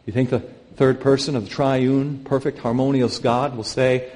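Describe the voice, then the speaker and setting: Male pastor, middle-aged, sermon in a church, earnest, emphatic, swings from quiet to loud. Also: medium pitch, level tone, normal speed. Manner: earnest preaching, rising to loud emphatic peaks. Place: church sanctuary.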